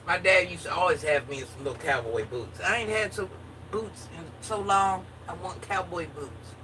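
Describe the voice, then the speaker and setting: A woman's voice: on the low side, normal speed, pushed and bright. A woman chatting casually with her viewers in a playful, joking manner. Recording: distant mic with faint background noise.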